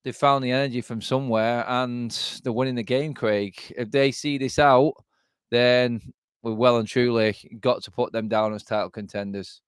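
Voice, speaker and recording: English man, young, blunt football banter, swears, laughs a lot, smooth voice. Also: medium pitch, steady tone, moderate pace, dry recording, studio quality. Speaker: co-host, rival fan. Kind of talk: casual football watchalong chat.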